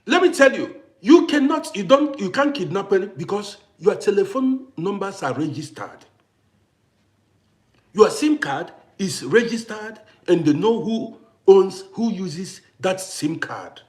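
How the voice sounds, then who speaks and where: Vlogger, male, parent of adult kids: high voice that swings widely, hammers each point home. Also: very animated, a little slow, darkish tone. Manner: emphatic, repetitive, challenging. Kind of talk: ranting to camera. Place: living in Austria.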